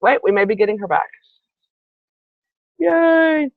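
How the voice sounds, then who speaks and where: A woman with a lowish voice, speaking a little slowly, hosts a live stream from her home. She chats her way through a long story peppered with asides, in dull, dry audio.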